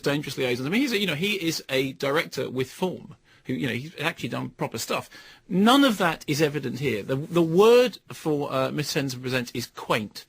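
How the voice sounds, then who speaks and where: A man's voice: on the high side, fairly bright tone, husky. A man reviewing a film on the radio, in a wry, rambling and sarcastic way. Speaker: film critic.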